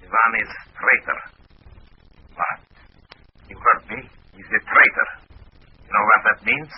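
A man's voice: fairly low pitch, steady tone, measured pace, breathy edge. An actor playing a stern male communist agent, giving curt orders in 1940s radio acting style. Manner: curt, commanding. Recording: tinny old radio recording.

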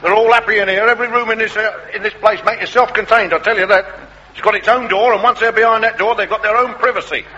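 An actor playing a cheeky working-class slum landlord, brash and argumentative, calling everyone "mate" in a comedy sketch. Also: male voice, high-pitched, fairly even intonation, fast talker, pushed and bright. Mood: mocking. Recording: muffled old recording with faint hiss.

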